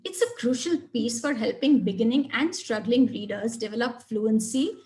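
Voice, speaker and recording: A woman presenting a webinar on reading fluency, explaining in a clear, measured way and stressing words in her example sentences. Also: fairly high pitch, darkish tone. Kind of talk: webinar lecture.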